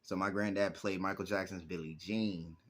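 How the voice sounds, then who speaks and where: In a low, steady voice at normal speed, this twenty-something producer and rapper wanders through anecdotes in a relaxed interview. "Like" fills much of his speech.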